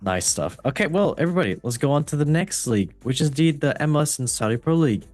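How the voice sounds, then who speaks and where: A man's voice: on the high side, animated, quick pace, a little mellow, no echo. A man hosting a casual football podcast who reads results in an upbeat, breezy way and often falls back on stock phrases. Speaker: host.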